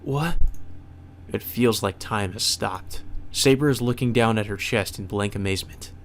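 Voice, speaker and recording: A man's voice: on the low side, moderate pace, a little hiss or hum. A man hosting a let's play, reading a visual novel's narration aloud and breaking in with casual swearing asides.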